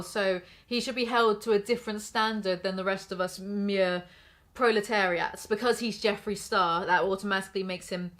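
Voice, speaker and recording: A woman's voice: medium pitch, a bit bright. Blunt, sarcastic woman ranting. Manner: sarcastic, blunt, swears freely. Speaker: commentary YouTuber. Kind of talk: reaction commentary rant.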